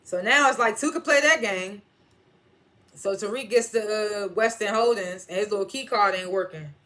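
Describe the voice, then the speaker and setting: A woman's voice: mid-range voice, moderate pace, sharp tone. A young adult woman chatting casually as she recaps a TV episode, retelling scenes in quoted snippets and speaking frankly. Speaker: TV episode reviewer.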